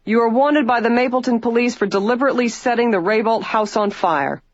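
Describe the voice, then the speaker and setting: An audiobook reader voicing a stern male state trooper who barks curt orders, in a raised, higher voice. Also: fast, no echo, dull audio, soft background music, lightly acted.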